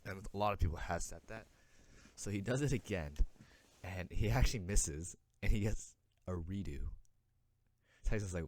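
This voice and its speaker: A man hosting a casual sports recap, chatty, voicing the players' reactions in quick asides. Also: low voice, darkish tone, dry recording. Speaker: host, sports commentator.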